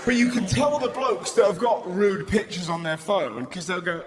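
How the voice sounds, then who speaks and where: Male stand-up, high-pitched, animated, live venue with loud ambience. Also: moderate pace, hardly any pauses, roomy sound, noisy background. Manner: animated, acts out voices, shouts punchlines. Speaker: stand-up comedian. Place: large live venue stage.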